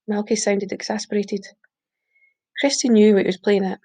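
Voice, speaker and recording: A woman reading a short story aloud, steady, with small slips she corrects. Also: medium pitch, moderate pace, long pauses. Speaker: reader. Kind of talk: audiobook reading.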